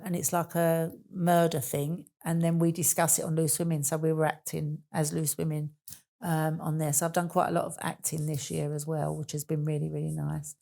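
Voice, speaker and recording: Woman in her sixties, deep gravelly voice, chatty guest who laughs easily. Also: warm tone. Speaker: interview guest. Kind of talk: casual storytelling chat.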